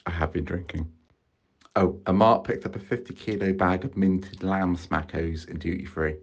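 A man's voice: deep voice, moderate pace, muffled recording. A man co-hosting a comedy podcast, cheerfully describing his silly plan and swearing. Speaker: podcast co-host. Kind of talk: comedic role-play banter.

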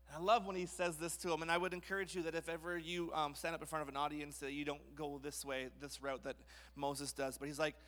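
A male guest preacher telling a Bible story in a joking, animated way. His voice sits high and bright, and a long church reverb trails behind every phrase. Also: fast. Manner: playful, jokey, acts out scenes. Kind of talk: sermon, storytelling. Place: church sanctuary.

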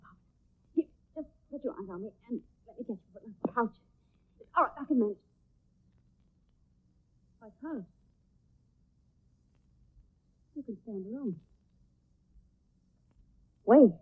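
A brave radio heroine's sidekick. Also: female voice, sits high, animated, moderate pace, long pauses. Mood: alarmed. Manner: breathless, alarmed. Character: brave young woman sidekick to a hero. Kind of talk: 1940s radio acting. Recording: dull old radio recording.

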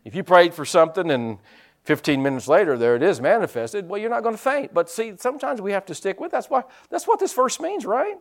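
A man's high voice carries big pitch swings as he preaches a little fast. The sermon is conversational, dotted with amens, and shifts between quiet asides and emphatic, louder moments.

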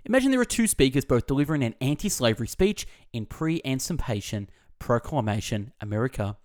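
A man narrating a scripted book summary in an expressive reading voice that stresses key words. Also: medium pitch, brisk.

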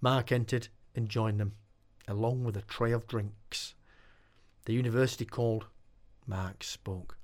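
Male narrator for a horror tale; unhurried, dramatic delivery. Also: mid-range voice, steady tone. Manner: slow, deliberate, dramatic reading. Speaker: storyteller. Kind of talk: horror story reading.

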